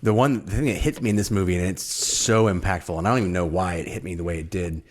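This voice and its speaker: A man's voice: low voice, fast. A man co-hosting a casual movie review podcast, reacting with frequent chuckles and emphatic comments.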